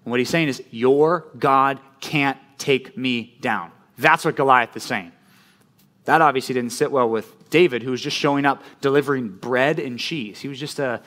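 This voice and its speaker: Socal guy preaching to youth, chatty and animated, lots of likes and ums. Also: medium pitch. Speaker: youth pastor. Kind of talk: casual youth sermon.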